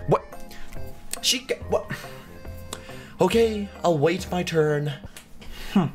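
A man giving a chatty, joking playthrough commentary of a video game, reacting quickly and with excitement to what he sees. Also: medium pitch. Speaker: gaming commentator.

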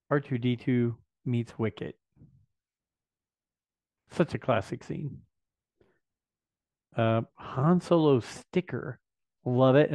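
A man's voice: medium pitch, a little mellow, no room sound. Chatty man unboxing, dry dull sound. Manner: enthusiastic, chatty fan talk with thinking-aloud asides. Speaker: vlog host. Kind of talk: casual unboxing chat.

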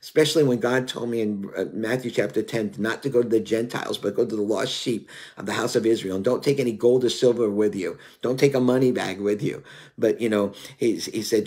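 A man's voice: lowish voice, a little fast, a little mellow. A man in his fifties preaching a sermon in an earnest, confessional way, often using "you know" as he thinks.

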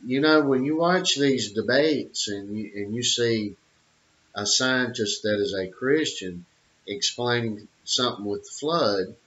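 A middle-aged channel host delivers an emphatic, opinionated monologue full of fillers and repeated phrases. His mid-range voice is a bit bright and unhurried, captured in dull lo-fi audio.

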